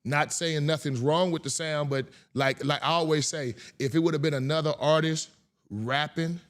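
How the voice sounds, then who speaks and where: A man in casual podcast conversation, talking in an animated way and repeating himself for emphasis. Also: normal speed. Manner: animated, repeats himself, imitates bass sounds.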